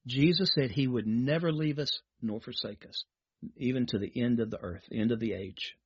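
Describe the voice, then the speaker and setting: A husky-voiced man preaches a sermon, moving between reading scripture aloud and speaking directly to his listeners. The sound is dry and somewhat muffled, with little room around it. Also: medium pitch, moderate pace, dry recording.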